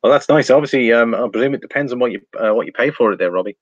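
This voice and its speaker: A man's voice: mid-range voice, very fast, no room sound, lo-fi sound. A man hosting a casual live stream, reading viewer comments aloud and talking through price charts, laughing often.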